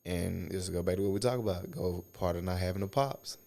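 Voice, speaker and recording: A young man co-hosting a podcast in casual chat, telling profane, animated stories from his own life. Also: sits low, brisk, gravelly. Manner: animated, profane storytelling with acted quotes. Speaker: podcast co-host.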